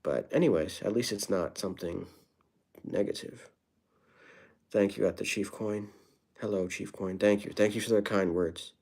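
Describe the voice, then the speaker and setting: A man's voice: lowish voice, moderate pace, long pauses, a little mellow, slightly rough. A young man talking casually on his live stream, reading viewer comments aloud and answering them with wry, rambling, self-deprecating asides. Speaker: livestreamer.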